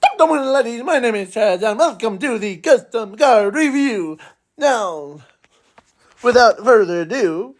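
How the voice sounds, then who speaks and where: A man's voice: extremely high pitch, expressive, a little slow, pitched above the performer's own voice. A man doing a pumped-up mock Scottish announcer voice to open his video. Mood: hyped. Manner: theatrical, hyped announcer delivery.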